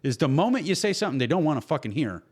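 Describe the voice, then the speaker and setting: A man's voice: a little high, sing-song, rapid-fire, a little mellow, husky. A man talking bluntly on a casual podcast, heated and swearing constantly. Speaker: podcast host. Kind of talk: casual profane podcast talk.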